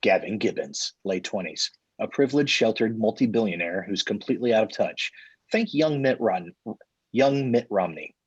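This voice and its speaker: A man reading the stage directions deadpan in a live comedy table read. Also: on the low side, normal speed, breathy edge, dull audio.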